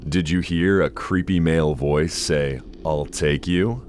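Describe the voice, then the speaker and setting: Deep, slow man narrating over music. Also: a little hiss or hum. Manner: slow, ominous storytelling delivery. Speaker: narrator of a countdown list video. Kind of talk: scripted horror-list narration. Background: soft background music.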